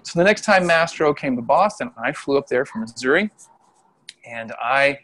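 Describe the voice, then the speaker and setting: A middle-aged man, a Chinese medicine practitioner, telling a story in casual conversation from home over a video call, animated and laughing often. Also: mid-range voice, moderate pace. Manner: animated, acts out voices when quoting people, laughs often. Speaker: Chinese medicine practitioner and qigong healer, interview guest.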